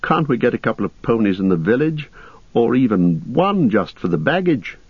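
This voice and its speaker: A man's voice: mid-range voice, big pitch swings, normal speed, breathy edge, no echo. Man voicing an anxious, pleading young hobbit. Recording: dull lo-fi dry recording.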